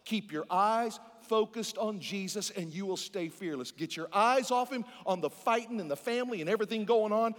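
A male pastor preaching a sermon, calling out questions to the congregation and swinging between loud emphatic lines and hushed ones. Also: sits high, normal speed, hardly any pauses. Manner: preaching with call-and-response to the congregation. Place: large church hall. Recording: long reverb of a large hall.

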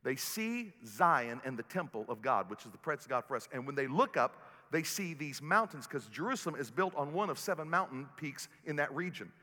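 High, bright-voiced pastor preaching in a hall. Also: male voice, expressive, fairly quick. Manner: builds to loud preaching peaks, then drops low and soft. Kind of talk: sermon. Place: church sanctuary. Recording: long hall reverb, faint music.

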